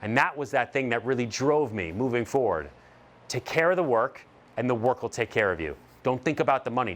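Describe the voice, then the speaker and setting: A man's voice: medium pitch, a bit bright. A man giving an emphatic motivational stage talk, telling stories and landing short repeated punchlines. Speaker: keynote speaker.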